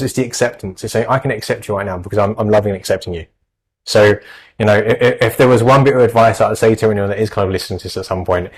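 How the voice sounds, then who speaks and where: Man, brisk anxiety-coach type, earnest and reassuring, medium pitch. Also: breathy edge, rough recording. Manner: earnest, reassuring, many fillers. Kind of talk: advice in podcast conversation.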